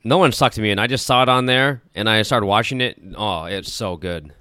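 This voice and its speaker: A man's voice: fairly low pitch, a little fast, bright, forceful tone, clean tone, dry recording, clean studio sound. A man co-hosting a podcast, rambling and swearing in casual banter about movies, laughing often. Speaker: podcast co-host.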